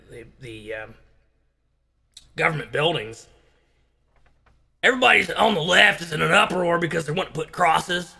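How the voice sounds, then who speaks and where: In a heavily acted comedic impression, a man plays a bombastic talk-show ranter with a raspy, gravelly, high-set voice. He stumbles over fillers in a halting, blustering rant, then erupts into sharp, forceful shouts of outrage.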